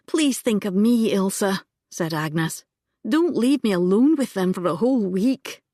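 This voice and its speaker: A woman voicing an eager young woman who teases her brother, in a bright, high, lively voice. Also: measured pace, no room sound, studio quality. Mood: teasing. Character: eager young woman, Drew's teasing sister.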